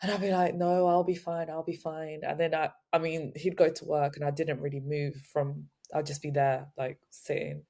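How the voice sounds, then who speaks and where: Low-voiced woman, halting talk. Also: level tone, gravelly, mellow. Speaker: podcast co-host. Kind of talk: casual chat.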